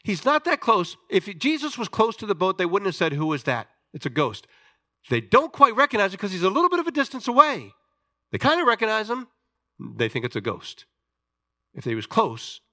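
A man preaching a sermon, telling a story with animated delivery and questions to his listeners. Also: fairly high pitch, a little fast. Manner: animated storytelling, acting out voices, asks the audience questions.

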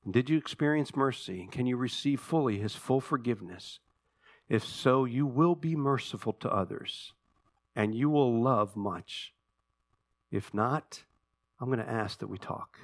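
A man preaching a sermon in a church. He speaks earnestly, builds to impassioned emphasis, then drops to a quiet, prayerful voice. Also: medium pitch, unhurried. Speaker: pastor. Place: church sanctuary.

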